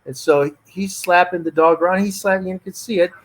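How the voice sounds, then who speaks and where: A man's voice: high voice, fairly even intonation, fairly quick. A man, a dog trainer and podcast host, giving an indignant, emphatic reaction commentary on a video and repeating his key words.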